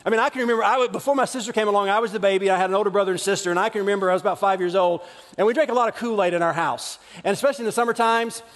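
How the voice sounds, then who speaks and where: Man in his forties preaching, high voice, chatty asides, echo from a big hall. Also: rapid-fire. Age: 40s. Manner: chatty, self-deprecating, frequent restarts and asides. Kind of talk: conversational sermon storytelling. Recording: long reverb of a large hall.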